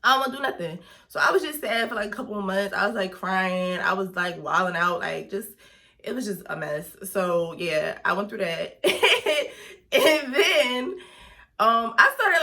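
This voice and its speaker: Chatty young woman, bright voice. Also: on the low side. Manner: chatty, lots of fillers, animated retelling. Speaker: vlogger and lash artist. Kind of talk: casual storytime vlog.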